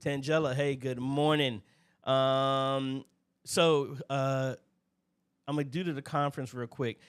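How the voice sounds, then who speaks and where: Casting: man, livestream host, relaxed and chatty, reads out viewer names. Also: mid-range voice, slow pace, clear, resonant tone. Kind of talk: casual livestream Q&A.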